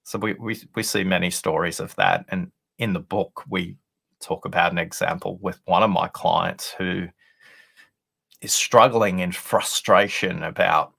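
A man being interviewed as a podcast guest, telling a workplace anecdote in a deliberate, conversational way with pauses for effect. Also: low-pitched, fairly even intonation, vocal fry, pushed and bright, breathy edge. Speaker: podcast guest, listening expert.

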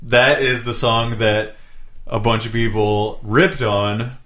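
A man's voice: mid-range voice, fairly even intonation, slow, fairly bright tone. A laid-back American man hosting a casual podcast chat about music, rambling a little and swearing freely.

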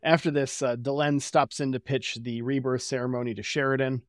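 A man's voice: mid-range voice, flat delivery, brisk, dry recording, clean studio sound. Wry, foul-mouthed man co-host. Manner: wry, swears casually. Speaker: podcast co-host. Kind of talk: casual episode recap chat.

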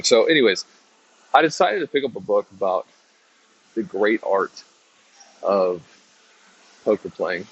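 Male podcast host, low husky voice, rambling casual motivational talk, dull lo-fi sound. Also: lively intonation, a little slow, long pauses, a bit bright. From American South. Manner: loose, rambling, with many restarts and fillers. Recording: dull lo-fi recording.

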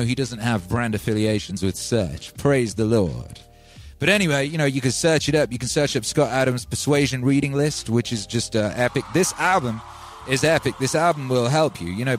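A man from England hosting a livestream, telling stories in a rambling, animated way with many asides. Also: medium pitch. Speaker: livestream host and music producer. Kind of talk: casual storytelling on a stream.

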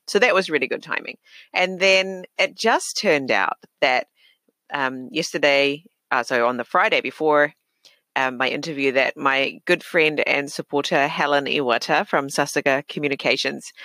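A man's voice: fairly high pitch, moderate pace, pushed and bright, no echo. A middle-aged man hosting his own podcast from a small closet studio, talking in a chatty, reflective way with fillers and self-corrections. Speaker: podcast host. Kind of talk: casual personal monologue. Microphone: desk podcast microphone.

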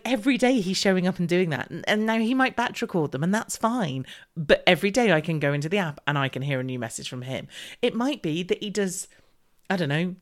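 A middle-aged woman, hosting a solo podcast as a business coach, talking directly and emphatically and repeating her key points. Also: low-pitched.

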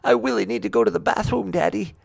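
A man's voice: sits high, fast talker, vocal fry, voice pushed up, heavily acted. A man putting on the voice of a small boy who urgently needs the bathroom, pleading and counting down the minutes.

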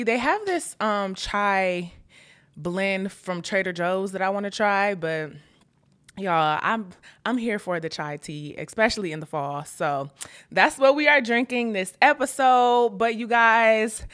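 A woman's voice: mid-range voice, animated, a little slow, a bit bright. A young woman, hosting her podcast in a casual, playful chat full of "y'all". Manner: chatty, playful, lots of "y'all" and "child". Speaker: podcast host. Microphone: camera framing, seated host.

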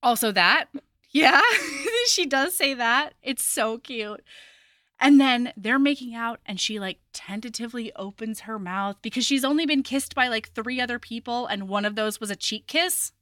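Woman podcast co-host, higher bright voice, animated storyteller. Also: normal speed, no echo, studio quality. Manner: animated storyteller, acting out quotes. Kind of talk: casual book recap chat.

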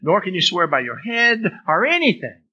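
Male pastor, conversational sermon, bright forceful tone, slightly higher voice, faint background hum. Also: sing-song, normal speed, breathy edge, lo-fi sound. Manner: conversational, acts out swearing speakers in a raised voice.

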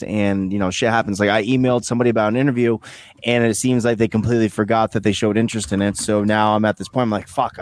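A man co-hosts a podcast and chats in an easygoing way, swearing casually. His voice is low, and the sound is dry and close. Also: no echo. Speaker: podcast co-host. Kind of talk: casual chat.

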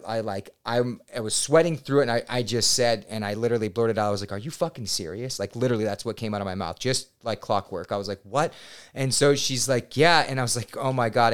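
A man in his thirties, a podcast guest, telling a personal story in a casual, animated and excitable way, swearing now and then. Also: mid-range voice, clear, resonant tone. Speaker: podcast guest, real estate agent.

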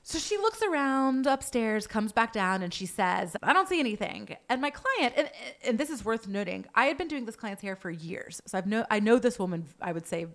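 A woman's voice: fairly high pitch, normal speed, few pauses. A young adult woman who runs a hair salon, telling a story in casual podcast chat with lots of "like". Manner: animated storytelling with frequent "like".

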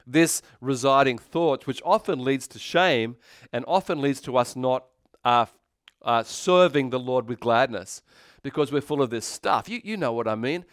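A man with an Australian accent, a pastor preaching a sermon in a conversational, energetic way with many restarts. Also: mid-range voice, normal speed, dry recording, clean studio sound.

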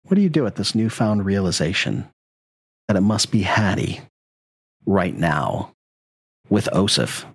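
A man narrating as game master of a tabletop game, in an expressive, dramatic way. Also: low-pitched, unhurried, creaky, long pauses, slightly rough, no room sound, studio quality.

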